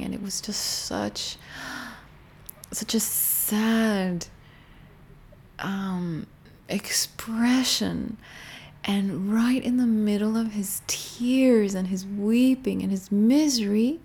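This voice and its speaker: A young woman speaking to viewers in a gentle, intimate way, often dropping into a whisper and circling back over her words. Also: mid-range voice, extremely slow, slightly rough. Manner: gentle, intimate, rambling with many restarts. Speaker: spiritual healing teacher. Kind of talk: soft, partly whispered reflective talk to viewers.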